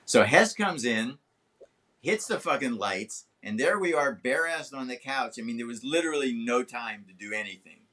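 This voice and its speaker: A man in his seventies, a guest telling a long, animated story in an interview, swearing freely. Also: moderate pace. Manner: animated, swearing, acts out quotes with big pitch jumps. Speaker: guest actor. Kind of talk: anecdotal storytelling in a podcast interview.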